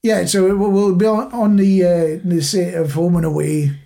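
A man's voice: sits high, level tone, normal speed, vocal fry, dark tone. A man co-hosting a podcast in casual chat, rambling and self-mocking as he tells stories. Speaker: podcast co-host.

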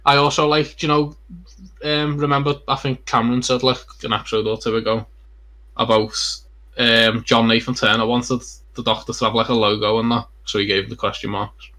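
A man's voice: mid-range voice, level tone, brisk, pushed and bright. A young man on a podcast, chatting casually in a rambling, sweary way with lots of fillers. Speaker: podcast co-host. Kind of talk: casual chat.

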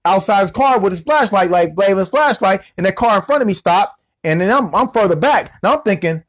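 Animated middle-aged man, slangy motivational storyteller. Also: high-pitched, quick pace, few pauses. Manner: animated, slangy, with vocal sound effects. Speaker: motivational coach.

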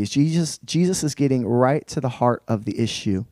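A male preacher teaching through a Bible passage in a relaxed, conversational sermon, explaining with slangy asides. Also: mid-range voice, normal speed, dry recording.

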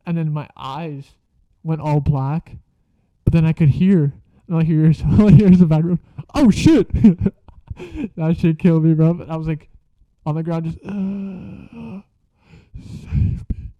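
A man's voice: fairly high pitch, steady tone, normal speed, no echo. A young man casually telling a story from school, slangy and profane, laughing as he goes. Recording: dull lo-fi sound.

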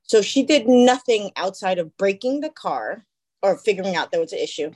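A woman's voice: mid-range voice, normal speed. A woman co-hosting a podcast in casual chat, telling stories animatedly and acting out the people she quotes. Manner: animated storyteller, acts out quoted voices. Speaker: podcast co-host.

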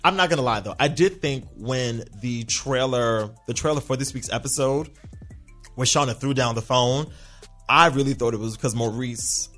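A man's voice: mid-range voice, normal speed, fairly bright tone, faint music behind. A man hosting a podcast, recapping a TV episode in a casual, sassy monologue, often slipping into mocking voices. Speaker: podcast host.

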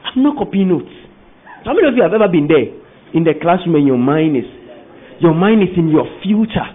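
A preacher with a high, ringing voice works through his sermon, hammering home the same question again and again. The sound is thin and tinny, like it was captured over a phone line. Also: expressive, brisk, husky. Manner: emphatic preaching with repeated questions to the congregation. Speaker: pastor.

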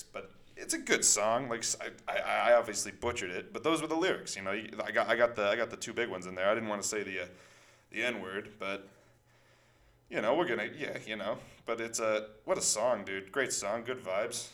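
A man chatting casually on his podcast, rambling and joking as his sentences trail off. His voice is gravelly with a bright edge, and he keeps it low and quiet. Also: a little fast. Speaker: podcast host.

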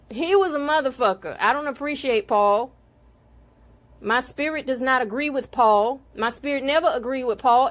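A woman who works as a spiritual card reader and healer talks casually to her viewers in a high voice. She's blunt and profane, and she becomes heated and preachy as she goes.

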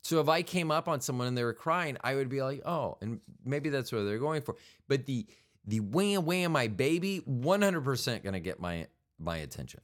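A man's voice: mid-range voice, animated, brisk. A male podcast host talking in a rambling, casual monologue, wry and prone to correcting himself mid-sentence. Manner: meandering, self-correcting, wry.

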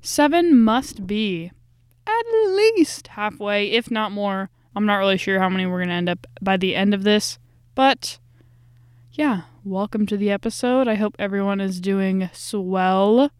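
Young woman, podcast host, chatty and slangy, tired, smooth mid voice, dry closet recording. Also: medium pitch, lively intonation, a little slow, dry recording. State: tired and stressed. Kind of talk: casual food review podcast. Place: small closet. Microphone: podcast microphone.

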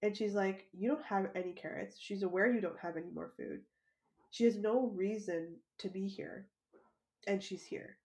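A woman hosting her own podcast, telling a personal story in a loose, conversational way. Her voice sits at an ordinary, mid-range pitch for a woman. She laughs easily and often and strings her thoughts together with "like" and "um". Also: moderate pace, darkish tone. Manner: chatty, laughs often, lots of "like". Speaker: podcast host. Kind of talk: casual storytelling monologue.

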